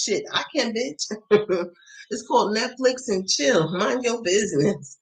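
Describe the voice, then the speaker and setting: Her voice is a little high with lively intonation and a slightly slow pace, though the audio is poor. Hosting a casual tarot channel livestream, she tells blunt stories full of swearing and laughter, acting out her old remarks in quoted voices.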